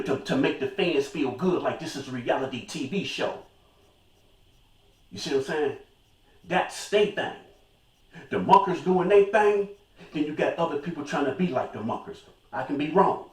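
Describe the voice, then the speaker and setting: A man's voice: on the high side, recorded from a distance. An older man talking to his viewers in a casual monologue, emphatic and repeating his phrases. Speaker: vlogger. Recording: echoey room, voice off mic.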